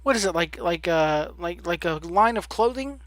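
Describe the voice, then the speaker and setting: Man, high voice, podcast host, blunt, sarcastic, lots of ums, close dry mic. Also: lively intonation, moderate pace, few pauses, fairly bright tone, no room sound. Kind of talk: casual opinion rant.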